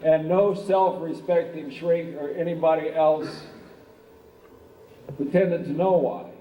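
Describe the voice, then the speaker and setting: A man's voice: a little high, fairly even intonation, takes it slowly, warm tone. A man from California giving a conference talk, telling anecdotes in a rambling, conversational way with lots of "uh.". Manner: rambling, conversational, with frequent "uh" and "he says". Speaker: guest speaker. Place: hotel conference room. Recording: roomy hall recorded from a distance with faint ambience.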